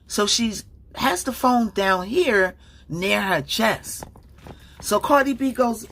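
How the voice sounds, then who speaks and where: A woman's voice: on the high side, slow, fairly bright tone. A woman commenting casually on a livestream, rambling and distracted, with many fillers and restarts.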